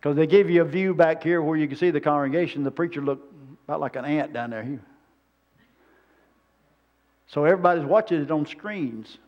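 Folksy high-voiced preacher, lo-fi. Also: male voice, a little fast, long pauses. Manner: folksy, rambling storytelling with plain-spoken grammar. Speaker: pastor. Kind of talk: sermon. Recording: dull lo-fi sermon recording.

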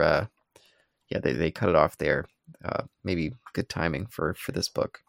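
Low gravelly man recapping a show. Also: measured pace, no room sound, studio quality. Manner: retells scenes acting out lines. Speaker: podcast co-host. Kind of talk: casual recap chat.

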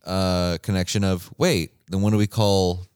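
A man co-hosting a podcast, telling a story in casual chat with animated delivery. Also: low-pitched, a little slow, clear, resonant tone, dry recording, clean studio sound. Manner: animated storyteller, laughs at his own tale. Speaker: podcast co-host.

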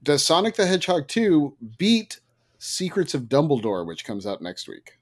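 A man co-hosting a casual podcast, joking and talking with an expressive delivery. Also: a little high, moderate pace. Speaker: podcast co-host. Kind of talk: casual chat.

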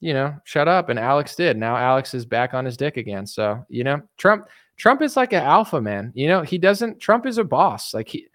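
A man's voice: mid-range voice, sing-song, moderate pace, fairly bright tone, no room sound, studio quality. A man streaming commentary, ranting scornfully at his audience and mocking them with put-on voices. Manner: scornful, mocking, puts on voices to ridicule viewers.

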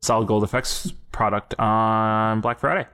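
A man hosting a casual podcast, steering topics and recapping news in a measured way. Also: on the low side, steady tone, pushed and bright, clean tone. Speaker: podcast host. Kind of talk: casual chat.

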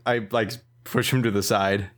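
A man's voice: lowish voice, steady tone, moderate pace, fairly bright tone. A man playing a tabletop role-playing game in a playful, sometimes exasperated way. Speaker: player.

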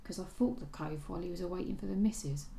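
A woman's voice: lowish voice, fast, vocal fry, warm tone, reverberant. Woman doing a cheeky Cockney servant boy. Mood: sulky. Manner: thieves' cant, sulky and defensive. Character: scrappy young male servant boy, cheeky thief. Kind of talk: reading aloud from a novel.

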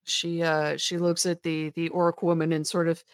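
A woman describing her character's moves in a tabletop game, hesitant and chatty. Her voice is fairly low for a woman. The sound is dry and close. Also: level tone, moderate pace, no room sound. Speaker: player. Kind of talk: casual tabletop play.

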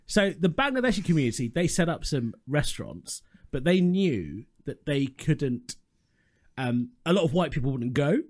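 Male co-host, giggly explainer, high and wildly expressive. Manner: giggly, explanatory, quick to chime in. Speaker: podcast co-host. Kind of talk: casual comedic banter.

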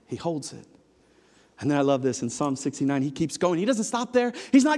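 A man delivers a sermon in a high-pitched voice. He moves between loud, emphatic lines and low, hushed ones. The sound carries a long reverb, like a large church hall. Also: expressive, a little fast. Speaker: preacher.

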